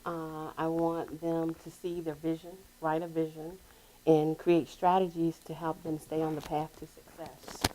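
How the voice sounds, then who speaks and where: Low-voiced woman, halting interview answers. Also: level tone, warm tone, slight background noise, poor audio. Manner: halting, with frequent restarts. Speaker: founder of a youth mentoring program. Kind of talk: casual interview.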